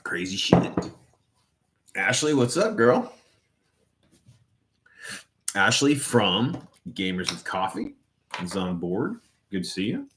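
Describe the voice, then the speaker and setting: A man's voice: on the low side, big pitch swings, takes it slowly, long pauses, background noise. A man hosting a casual livestream, rambling and profane as he greets viewers in chat by name. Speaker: livestream host.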